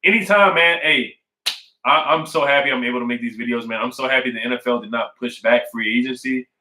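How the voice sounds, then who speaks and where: A man's voice: mid-range voice, fast, bright, forceful tone, reverberant, low-quality recording. A man casually chatting on a live stream, reading fan comments and repeating his points with emphasis. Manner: repetitive, emphatic, says "man" and "I really do" often. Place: at home indoors.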